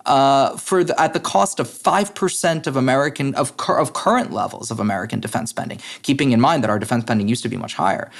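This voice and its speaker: A man speaks as a podcast guest, laying out his arguments earnestly and at length. His voice sits at an ordinary middle pitch, and he often pauses on fillers and restarts his sentences. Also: gravelly. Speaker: guest, head of a democracy nonprofit. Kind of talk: interview conversation.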